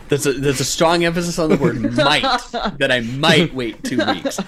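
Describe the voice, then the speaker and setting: A man's voice: on the high side, sing-song, moderate pace, a loud crowd. A man in casual podcast chat, profane and laughing often. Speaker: podcast co-host.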